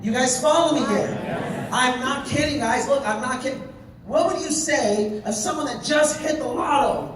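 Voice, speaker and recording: Man, motivational speaker, animated and audience-facing, recorded with a lot of background noise in a big reverberant hall. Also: extremely high pitch, normal speed. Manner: animated, keeps checking in with the audience. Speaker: motivational speaker to a sales team. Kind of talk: energetic motivational talk with storytelling. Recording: very echoey room, voice from far off, noisy.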